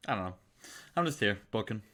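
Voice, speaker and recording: A man's voice: fairly low pitch, expressive, fast talker, bright, forceful tone. A man co-hosting a wrestling game stream, teasing and joking in casual banter. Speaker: co-host.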